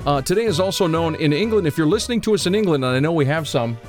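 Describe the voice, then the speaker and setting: A man's voice: fairly high pitch, lively intonation, racing, faint music behind. A man hosting a casual radio show, joking around and putting on silly voices while reading the day's history. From United States. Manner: jokey, playful, puts on silly voices. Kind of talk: casual morning radio chat.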